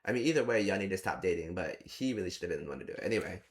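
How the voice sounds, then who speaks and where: A man's voice: sits low, expressive, rapid-fire. A young man giving a rambling, exasperated casual movie review, often slipping into mock quotes of the characters. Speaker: movie reaction host.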